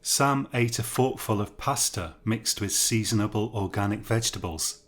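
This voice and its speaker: A man narrating a horror story in a measured, steady manner. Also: fairly low pitch.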